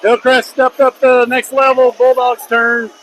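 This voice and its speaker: A man calling a high school basketball game play-by-play, excitable and openly rooting for the home team. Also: measured pace. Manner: excitable, openly biased toward the home team, shouts on big plays. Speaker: play-by-play commentator. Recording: noisy gym crowd behind. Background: crowd noise.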